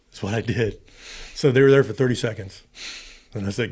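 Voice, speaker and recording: A man's voice: lowish voice, a little fast, slightly rough. A middle-aged man, a former fighter pilot, telling stories in an interview and acting out what people said. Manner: animated, acts out quotes with emphasis. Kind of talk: storytelling interview.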